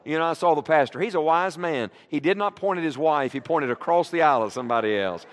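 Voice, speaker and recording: A middle-aged man preaching a sermon to a congregation, leading call-and-response with an animated delivery. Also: on the high side, fast. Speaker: guest preacher. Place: church sanctuary. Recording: long reverb of a church hall.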